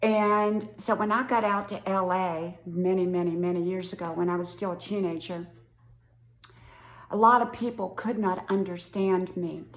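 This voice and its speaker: A woman's voice: lowish voice, fairly even intonation, normal speed, echoey room. A woman in her sixties from West Virginia with an Appalachian accent, chatting casually to camera in a folksy way and laughing often. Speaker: vlogger.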